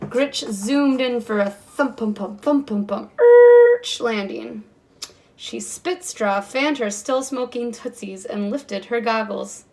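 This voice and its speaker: A woman with a somewhat high voice reads a picture book aloud to a kindergarten class. Her storytime delivery is expressive and lively, shifting into voices for the characters. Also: slow pace. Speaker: kindergarten teacher.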